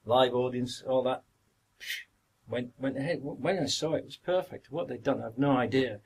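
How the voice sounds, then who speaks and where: A man's voice: mid-range voice, normal speed, darkish tone, a little hiss or hum. A middle-aged man with a Yorkshire accent, a guest actor reminiscing through long anecdotes in a casual podcast interview.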